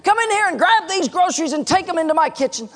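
A man voicing a poor, devout elderly widow who exclaims her praise loudly. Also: medium pitch, fairly even intonation, brisk, close to an everyday voice. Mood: excited. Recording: long reverb in a large hall.

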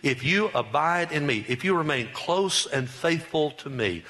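Middle-aged male pastor, bright voice, folksy emphatic sermon with crowd calls. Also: on the high side, animated, unhurried. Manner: folksy, joking, emphatic preaching with audience call-and-response.

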